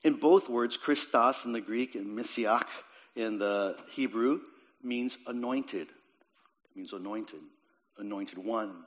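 A man preaching a sermon, rising to emphatic lines and then dropping to quiet ones, often repeating words as he goes. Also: on the low side, takes it slowly. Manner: swings between raised emphatic lines and quiet, dropped phrases. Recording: dull lo-fi recording.

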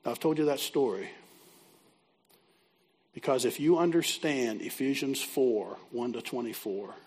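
A man's voice: medium pitch, a little slow, darkish tone, breathy edge. A man who works as a biblical counselor, teaching a class by telling a folksy, conversational story. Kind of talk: teaching through a told story.

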